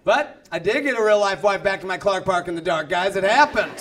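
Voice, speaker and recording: A young man doing a stand-up comedy set, telling self-mocking stories and shouting out punchlines. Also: high-pitched, animated, fairly quick, noisy background. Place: comedy club with a live audience. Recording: live club recording with crowd. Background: audience laughter.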